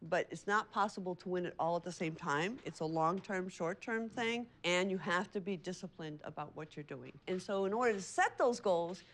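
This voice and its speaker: A woman organizer coaching a group of activists in an energetic, encouraging way. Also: fairly low pitch, normal speed, few pauses. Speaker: community organizer.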